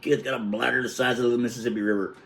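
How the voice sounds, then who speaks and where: A man's voice: mid-range voice, level tone, very fast, vocal fry, fairly bright tone. A man putting on the voice of his easygoing uncle, chuckling and brushing off an argument. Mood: amused. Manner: chuckling, dismissive.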